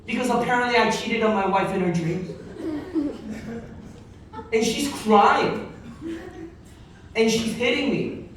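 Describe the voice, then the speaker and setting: A man's voice: very high-pitched, slow pace, pauses often, fairly bright tone, a little hiss or hum. A man preaching a sermon as pastor, conversational with joking asides and repeated key lines. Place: large echoey church hall with congregation. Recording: very echoey hall heard from far off.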